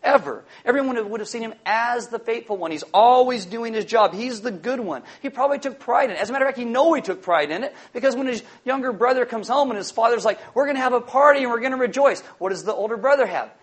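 A man with a notably high voice for a man preaches a sermon to his congregation. He speaks emphatically, repeating his main refrain and slowing to let key phrases land. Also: animated, husky. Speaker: pastor.

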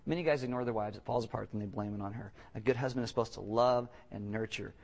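A man preaching to his church with lively, joking energy. He keeps slipping into little voices to act out the quotes he reads and tells. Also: fairly low pitch, quick pace, gravelly. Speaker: pastor. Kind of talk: sermon.

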